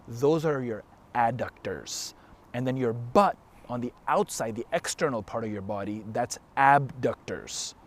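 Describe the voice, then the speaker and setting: A man giving an emphatic, blunt motivational talk straight to the camera as a fitness coach, with frequent swearing. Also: medium pitch. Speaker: fitness and self-help coach.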